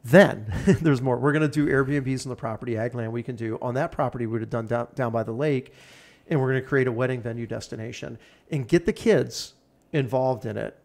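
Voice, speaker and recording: A man's voice: medium pitch, fairly quick, gravelly, a little mellow. A man as a podcast guest in casual chat, rambling enthusiastically through one plan after another. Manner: enthusiastic, rambling, piles up plans.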